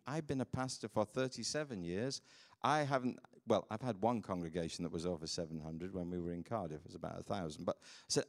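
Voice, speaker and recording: Brytyjski pastor opowiadający historie. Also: male voice, lowish voice, big-room sound. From United Kingdom. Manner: storytelling, animated, laughs at his own stories. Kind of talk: sermon with personal mission stories.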